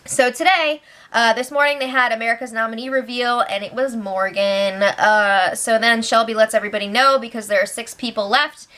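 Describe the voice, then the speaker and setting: A woman's voice: a little high, steady tone, normal speed, hardly any pauses, sharp tone. A woman hosting a casual recap of reality show updates. She is chatty and giggly, with sarcastic asides.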